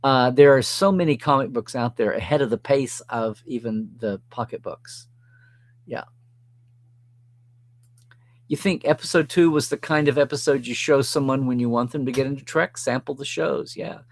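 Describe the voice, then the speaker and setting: A middle-aged man hosting a live stream, reading viewer comments aloud and reacting in a chatty, animated way. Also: medium pitch, moderate pace, dry recording.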